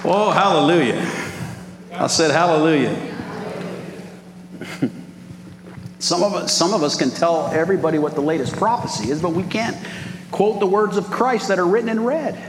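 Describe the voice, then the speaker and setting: Pastor, male, animated sermon with call-outs, higher voice, echoey hall. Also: moderate pace, pauses often. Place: large church hall. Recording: echoey hall with background noise.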